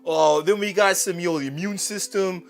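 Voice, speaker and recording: A man's voice: sits high, normal speed, gravelly, pitched below the performer's own voice. A man voicing a laid-back male delivery worker with a put-on New Jersey accent, rambling and full of "uh" fillers. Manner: rambling, filler-heavy ("uh"), streetwise.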